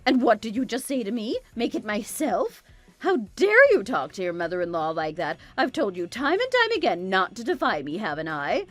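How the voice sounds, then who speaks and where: A woman's voice: medium pitch, sing-song, normal speed, dry recording, close to an everyday voice. A woman voicing a domineering, spiteful older mother-in-law in a dramatized story, scolding and belittling. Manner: scolding, contemptuous, bossy.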